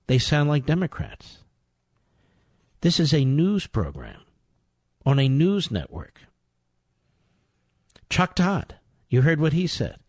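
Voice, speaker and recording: A man's voice: mid-range voice, dry recording, clean studio sound. Indignant male talk radio host. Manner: indignant, combative, rising to loud rhetorical questions.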